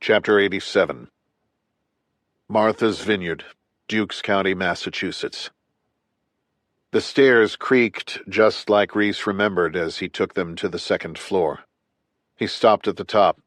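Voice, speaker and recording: Deep voiced guy reading a thriller audiobook, steady, dry studio mic. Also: measured pace, pauses often, dry recording. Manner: steady, even storytelling delivery. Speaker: audiobook narrator. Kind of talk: scripted thriller narration.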